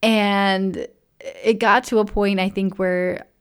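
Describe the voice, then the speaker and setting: A chatty woman hosting a podcast, telling a travel story with animated energy. She laughs often and acts out the people she quotes with quick changes of voice. Her voice sits at an everyday middle pitch for a woman. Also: clean tone. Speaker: podcast host.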